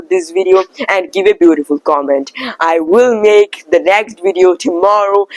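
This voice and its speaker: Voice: mid-range voice, poor audio. A speaker giving a casual tutorial, telling a story and then repeating words as pronunciation drills. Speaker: accent-practice video maker.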